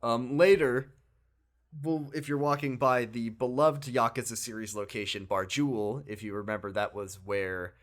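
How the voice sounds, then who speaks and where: Speaking at a normal speed in a mid-range voice, a man co-hosting a podcast tells a video game story in a casual way. He's lively, laughs often, and acts out what the characters say.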